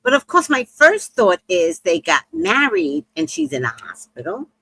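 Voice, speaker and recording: Woman shop owner, casual story, lively swooping voice, dry close sound. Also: normal speed, gravelly, breathy edge, no room sound. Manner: animated, swoops high when acting out others.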